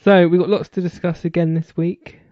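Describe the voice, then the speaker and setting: Male podcast host, mid-pitched, chatty and giggly, dry close recording with a dull lo-fi tone. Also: flat delivery, brisk, no echo. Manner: chatty, laughs often, uses "like" a lot. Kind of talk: casual chat.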